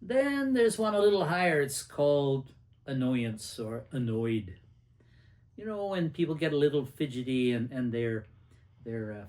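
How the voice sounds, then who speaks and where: A man's voice: medium pitch, a little mellow. An older man hosting a casual lesson on anger, talking conversationally and acting out little anecdotes and quotes. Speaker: host and anger management teacher. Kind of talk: casual teaching talk to camera.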